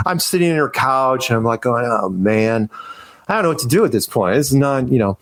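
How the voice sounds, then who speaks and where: A man's voice: medium pitch, big pitch swings, a little fast, dry recording. A man, a podcast guest, telling a long story in a casual, rambling way, with many restarts and acted-out quotes.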